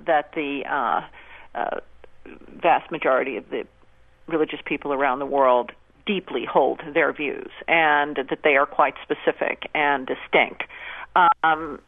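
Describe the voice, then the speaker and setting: A woman guest calling into an interview, speaking thoughtfully with many hesitations. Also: deep voice. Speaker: guest on phone line. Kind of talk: radio interview discussion. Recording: tinny phone line.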